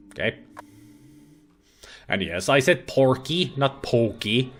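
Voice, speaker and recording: A man's voice: medium pitch, sing-song, takes it slowly, long pauses. A man hosting a let's play, joking around and reading game text aloud in a playful way. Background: game music.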